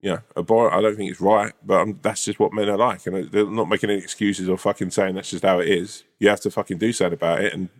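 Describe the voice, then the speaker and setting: A man's voice: deep voice, steady tone, quick pace, hardly any pauses. A man co-hosting a podcast in casual chat, blunt and swearing freely. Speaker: podcast co-host.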